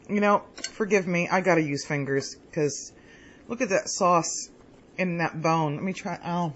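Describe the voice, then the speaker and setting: A woman's voice: on the low side, measured pace, pauses often, dull audio. A woman chatting casually in a home cooking vlog. She rambles as she tastes her food, with lots of pleased mm's. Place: home kitchen.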